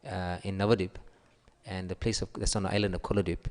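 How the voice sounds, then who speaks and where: A man giving a sermon, telling stories and acting out the quoted voices with a raised pitch. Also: level tone, fast talker. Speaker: preacher. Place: temple hall. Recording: long hall reverb.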